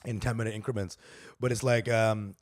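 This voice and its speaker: A man comedian co-hosting a casual podcast, rambling and breaking into loud laughs and outbursts. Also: on the low side, fairly even intonation, brisk, no echo, clean studio sound. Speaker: comedian co-host.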